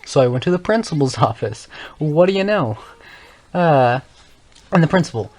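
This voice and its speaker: A man's voice: on the high side, lively intonation, normal speed, long pauses, darkish tone. Rambling teenage boy telling a story. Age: young teens. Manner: rambling, self-correcting, laughs often. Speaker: gaming channel host. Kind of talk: casual storytelling monologue.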